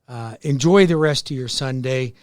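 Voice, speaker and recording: A man's voice: mid-range voice, moderate pace, a little mellow, no room sound, studio quality. An older American man hosting a radio show, talking in an earnest, folksy way and often repeating his phrases. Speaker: radio show host and mortgage lender. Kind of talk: talk radio monologue. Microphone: studio microphone.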